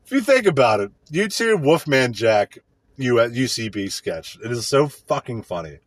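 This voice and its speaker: A man's voice: mid-range voice, sing-song, normal speed, dry recording. A man telling a rambling comic story, laughing at his own jokes and throwing his voice around.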